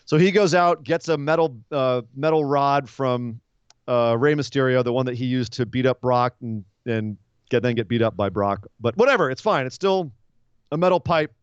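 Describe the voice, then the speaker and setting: Chatty male podcast host, smooth voice. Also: medium pitch, no echo, lo-fi sound. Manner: chatty, recaps with quick asides. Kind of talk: casual wrestling podcast chat.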